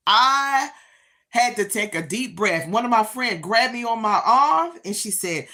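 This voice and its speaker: Slow, bright-voiced woman telling a story. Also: a little high, lively intonation. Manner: emphatic, drawn-out phrases, talks straight to viewers. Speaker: live stream host. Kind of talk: casual storytelling to viewers.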